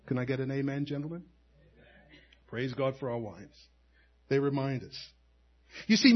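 A man's voice: a little high, breathy edge, dull audio. A man preaching a sermon as pastor, building emphasis and calling to the congregation for an amen.

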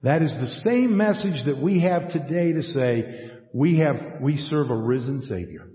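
A man preaching a sermon in an animated way, acting out scripture scenes with folksy asides. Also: fairly high pitch, measured pace. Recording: echoey hall, dull lo-fi sound.

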